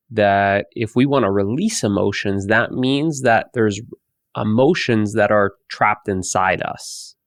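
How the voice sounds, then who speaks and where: Gravelly, slow-talking male meditation teacher. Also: on the low side, dry recording, clean studio sound. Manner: slow, repetitive, with many restarts. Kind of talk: spoken guidance talk.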